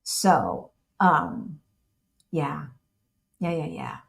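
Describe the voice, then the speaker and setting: A woman's voice: low-pitched, very animated, very slow, vocal fry. An American woman hosting a casual livestream with her partner, chatting and answering viewer questions. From United States. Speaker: co-host of a livestream.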